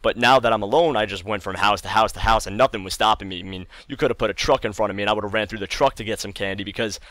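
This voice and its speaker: A man's voice: fairly low pitch, rapid-fire, fairly bright tone, no room sound. A man telling a childhood story in a casual vlog, chatty and rambling, repeating words for emphasis. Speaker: YouTube storyteller.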